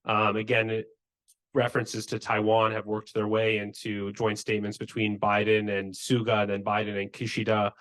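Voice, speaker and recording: A man speaking as a panelist in a policy discussion, measured and analytical. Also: fairly low pitch, fairly bright tone. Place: conference room.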